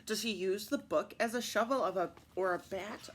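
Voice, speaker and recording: A woman reading picture books aloud at story time, expressive and adding little asides to her listeners. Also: medium pitch, normal speed, slight background noise.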